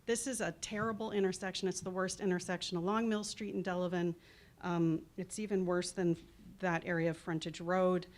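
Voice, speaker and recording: A woman's voice: on the low side, level tone, brisk. A woman making a chatty, self-deprecating public comment at a town meeting, citing traffic counts and crash data.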